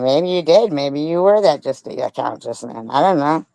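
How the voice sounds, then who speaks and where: A woman's voice: sits low, expressive, normal speed, vocal fry, mellow, no room sound. A middle-aged woman hosting a live stream, ranting in a confrontational, profane way, repeating herself and letting out scoffing laughs. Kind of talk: angry live stream rant.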